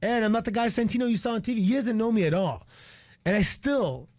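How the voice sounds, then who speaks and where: A man's voice: sits high, animated, fast, darkish tone, no room sound, studio quality. A man in his forties from Canada, a retired wrestler, telling a story as a radio guest in a candid, profane way. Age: 40s. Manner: candid and profane, lots of restarts and quoted asides. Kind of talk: animated storytelling on a radio show. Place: radio studio.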